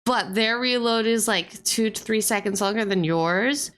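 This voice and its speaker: A woman's voice: fairly high pitch, normal speed, a bit bright. A woman streamer chatting casually and giggling while she reacts to a gaming video.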